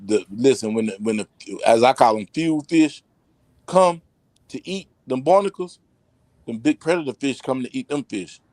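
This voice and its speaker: A man's voice: mid-range voice, normal speed, no room sound. A man hosting a casual podcast chat, telling stories in a loose, rambling, profane way. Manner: animated, profane storytelling; loose, rambling delivery with restarts. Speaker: podcast host.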